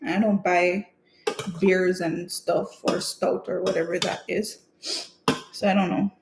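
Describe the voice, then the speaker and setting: A woman's voice: on the low side, level tone, unhurried, creaky. A woman chatting casually and telling rambling stories while baking at home on a live stream. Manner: chatty, rambling storyteller with laughs. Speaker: home cook vlogger. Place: home kitchen. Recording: echoey room, faint noise.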